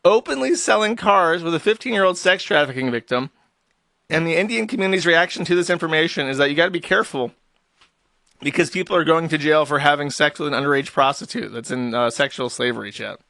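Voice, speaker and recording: A man's voice: on the high side, animated, fast, gravelly, pushed and bright, dry recording. A man hosting a live stream, ranting with sarcastic, profane commentary. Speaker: streamer host.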